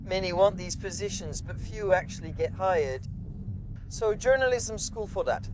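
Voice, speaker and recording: A woman's voice: mid-range voice, normal speed, rough recording. A woman, an automotive TV journalist, chatting casually from inside a car and explaining things with many asides. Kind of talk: casual conversation.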